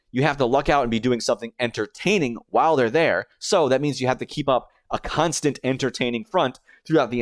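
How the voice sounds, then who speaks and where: A man's voice: medium pitch, no room sound. A young adult man, a streamer and YouTuber, narrating a scripted video essay and explaining things step by step.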